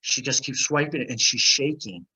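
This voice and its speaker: A man's voice: medium pitch, moderate pace, breathy edge, rough recording. A man, a guest on an interview show, telling a story casually and acting out the other people in it. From United States. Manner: animated anecdote teller, acts out quoted voices.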